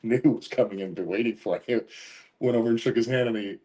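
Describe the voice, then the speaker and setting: A man being interviewed as a guest, telling relaxed stories in casual conversation and often laughing while he talks. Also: medium pitch, fast. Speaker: interview guest, professional wrestler.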